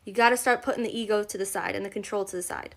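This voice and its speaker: A mother talking straight to camera, calmly and earnestly explaining a parenting approach. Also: mid-range voice, racing, gravelly. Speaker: parenting content creator. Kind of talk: advice monologue to camera.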